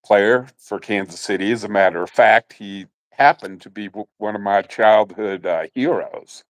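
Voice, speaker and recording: A middle-aged man being interviewed, telling animated stories in a casual way and quick to laugh. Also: lowish voice. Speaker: interview guest.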